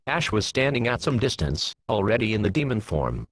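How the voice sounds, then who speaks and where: A man narrating a fan fiction story in a plain, steady reading voice. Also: fairly low pitch, brisk, few pauses, breathy edge, dry recording.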